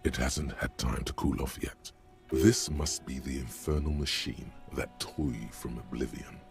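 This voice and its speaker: A deep, gravelly game narrator. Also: male voice, steady tone, faint music behind, heavily acted. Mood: wry. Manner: measured, wry, literary. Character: brooding omniscient male game narrator.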